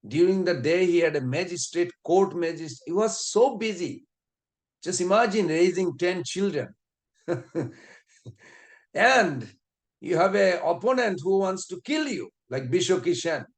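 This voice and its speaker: Male preacher, fairly high voice, lively storyteller who acts out voices. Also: unhurried. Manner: animated storyteller, acts out quoted voices, frequent fillers. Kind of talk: devotional class storytelling.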